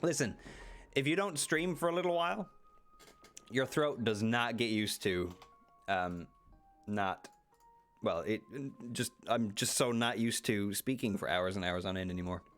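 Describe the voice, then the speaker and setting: A man's voice: on the low side, a little slow, long pauses, fairly bright tone, faint music behind. A young man casually streaming a game, playful, with silly asides and voices. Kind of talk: casual let's-play commentary.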